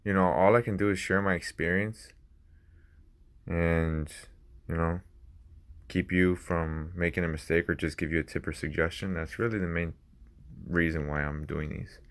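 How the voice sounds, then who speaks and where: Deep-voiced rambling man. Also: steady tone, moderate pace, pauses often. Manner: rambling, laughs often, swears casually. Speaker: vlogger. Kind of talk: unscripted casual talk. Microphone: small personal mic.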